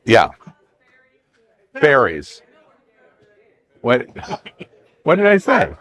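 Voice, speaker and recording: A man's voice: mid-range voice, huge pitch swings, extremely slow, a bit bright. A man with a Southern US accent, hosting a travel club and briefing a group in a meeting room in a chatty, joking way.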